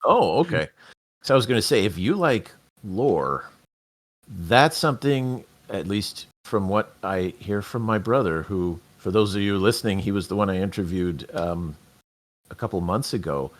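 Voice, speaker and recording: A man's voice: on the low side, animated, moderate pace. A man hosting a casual podcast interview, rambling a little and restarting his sentences. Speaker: podcast host.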